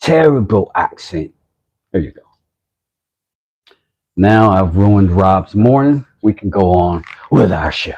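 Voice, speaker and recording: A man's voice: deep voice, expressive, slow pace, long pauses, a little mellow, rough recording. A man hosting a casual woodworking livestream, rambling and self-mocking as he reads chat messages aloud.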